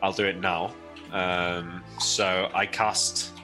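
A man playing a tabletop role-playing game, speaking hesitantly with many pauses. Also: low-pitched, level tone, music in the background. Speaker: player. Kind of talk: casual tabletop play.

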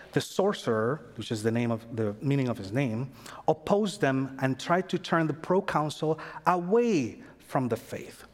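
A man preaching a sermon in a casual, animated way, acting out the voices of figures in the story. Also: a little high. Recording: long hall reverb.

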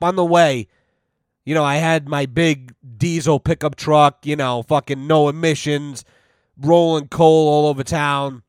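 A young man rambles through a casual podcast story and swears freely. His voice sits a little high for a man, and the sound is dry and close, with no room echo. He keeps tagging "you know what I mean" onto his lines. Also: smooth. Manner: loose, rambling, heavy profanity, constant "you know". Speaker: podcast host.

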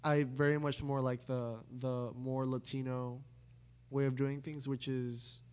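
Two brothers trade jokes on a home podcast. This young man speaks in a middle-pitched voice, circling his points with lots of false starts and restarts. He teases his sibling with dry sarcasm. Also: little pitch movement, a little slow, darkish tone, smooth. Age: young adult. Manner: rambling, many restarts, dry sarcastic teasing. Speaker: podcast host. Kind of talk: casual sibling chat.

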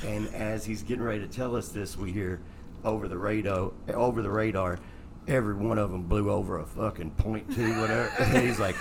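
A man's voice: on the low side, moderate pace. A middle-aged man telling a profane story in casual chat, laughing through his own punchlines. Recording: noisy room, mic at a distance.

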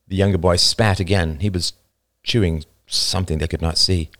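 A man's voice: sits low, steady tone, quick pace. A man narrating a novel as its author, reading expressively and dramatically.

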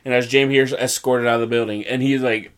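Guy recapping wrestling shows, animated, mid pitch, keeps doing little voices of the wrestlers. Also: clean tone. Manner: animated, mimics wrestlers in quick put-on voices. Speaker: podcast co-host. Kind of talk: casual wrestling recap chat.

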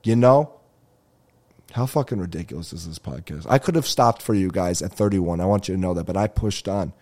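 A male comedian hosts his own podcast in a deep, somewhat dark voice, speaking briskly. His casual comedic monologue rambles through stories full of swearing and laughter.

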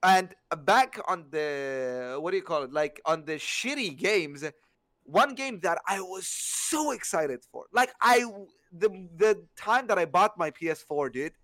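A young man co-hosting a casual podcast, with a voice sitting a bit high. He rambles and restarts, padding his sentences with filler, and the sound is dry and close with no room around it. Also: expressive, measured pace, fairly bright tone, no room sound. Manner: rambling, hesitant, lots of "like". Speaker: podcast co-host. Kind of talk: casual chat.

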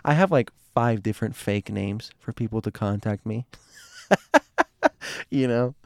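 A man's voice: on the low side, a little slow, vocal fry, a little mellow, dry recording, studio quality. A young man talking casually to his viewers in a rambling, digressive way, restarting his sentences often.

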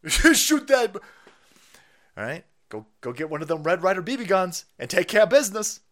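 A male streamer rants in a casual, profane way, mocking as he goes and laughing often. His pitch is lively and swings widely, jumping up when he slips into silly put-on voices. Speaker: political stream host. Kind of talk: casual ranting live stream.

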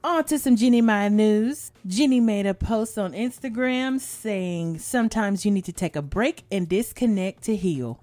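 A young woman from the American South hosting a podcast, chatting about celebrity news in a sassy, profane way and laughing loudly. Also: medium pitch, no echo. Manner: sassy, profane, animated gossip with loud laughs. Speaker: podcast host. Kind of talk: casual celebrity news chat.

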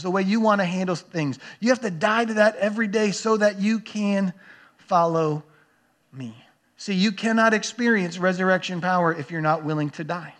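High-voiced earnest male pastor. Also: fairly bright tone. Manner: earnest, emphatic, repetitive phrasing. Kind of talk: sermon.

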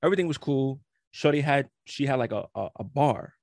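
A young man in casual chat, telling a story in a slangy, animated way and acting out the other people in it. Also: mid-range voice, fairly quick, no room sound, clean studio sound. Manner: slangy, animated storytelling with frequent laughs and acted-out quotes.

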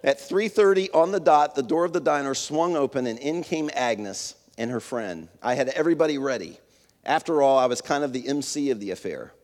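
A man reads a story aloud in an earnest storytelling manner. His voice sits at an average pitch for a man. Long reverb rings around him as if in a large hall. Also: fairly quick, darkish tone. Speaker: speaker.

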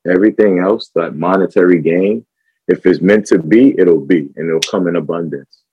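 A man's voice: deep voice, normal speed, husky, no echo, highs cut off. A man talking as a podcast guest about his filmmaking, reflective and full of fillers and restarts. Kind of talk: casual conversation.

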